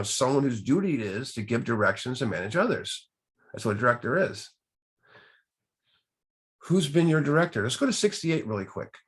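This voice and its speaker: A man's voice: mid-range voice, fairly bright tone, breathy edge. A man leading a recovery group study, teaching earnestly from the text with rhetorical questions and repeated key words.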